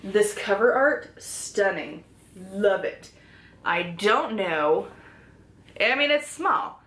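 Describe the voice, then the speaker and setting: A woman's voice: medium pitch, animated, takes it slowly, fairly bright tone. A woman chatting casually through a book haul, full of "like" fillers and small laughs. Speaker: book reviewer.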